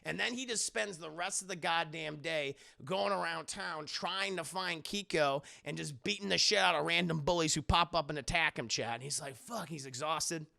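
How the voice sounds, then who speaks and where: A male streamer tears through a casual, swear-filled recap of an anime episode, joking and laughing as he goes. His voice sits high and bright with a gravelly fry. The talk is excitable and loose. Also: moderate pace, hardly any pauses. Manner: excitable, jokey, swears often, laughs a lot. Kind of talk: casual profane recap with acted-out quotes. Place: streaming setup at home.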